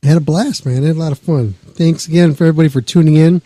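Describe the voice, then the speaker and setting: A male podcast host with a very dark, mellow tone and a slightly high voice wraps up the episode. He rambles loosely and trails off mid-thought. The sound is dry and close. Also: fairly even intonation, racing, no echo. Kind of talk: casual show sign-off.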